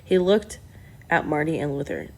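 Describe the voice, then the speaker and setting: A woman reading a novel aloud in a steady, plain storytelling manner. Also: low voice, moderate pace. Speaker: audiobook reader.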